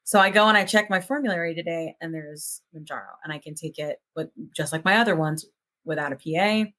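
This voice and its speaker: A woman's voice: low-pitched, fairly quick, a bit bright. A woman hosting a podcast, talking casually in long, earnest, hopeful run-on thoughts. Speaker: podcast host.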